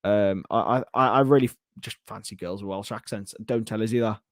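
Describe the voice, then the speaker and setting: A man's voice: lowish voice, no echo. Chatty young man reading out fan comments. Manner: chatty, jokey, answers comments in quick bursts. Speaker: host of a fan channel. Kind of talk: casual live stream chat reading viewer comments.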